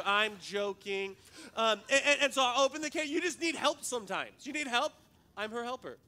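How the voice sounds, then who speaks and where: A man's voice: high voice, fast, bright, forceful tone. A male pastor preaching a sermon in a conversational, joking way, often repeating words as he goes.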